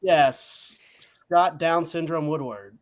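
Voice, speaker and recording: Man, blunt crude sports banter, somewhat high pitch. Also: slow. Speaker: podcast co-host. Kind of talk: casual sports talk.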